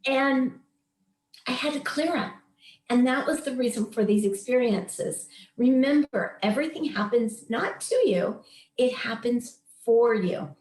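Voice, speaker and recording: Woman near sixty, wellness coach, earnest and upbeat, highish voice, roomy echo. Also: measured pace, darkish tone. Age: 50s. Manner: earnest, emphatic, inspirational. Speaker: wellness coach leading a meditation session. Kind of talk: heartfelt storytelling and coaching talk.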